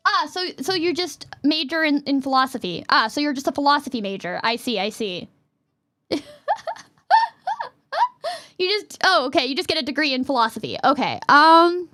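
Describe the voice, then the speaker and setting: A young adult woman streaming as a VTuber, chatting casually and playfully with her chat in quick jokey asides. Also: sits high, expressive, pushed and bright, faint music behind.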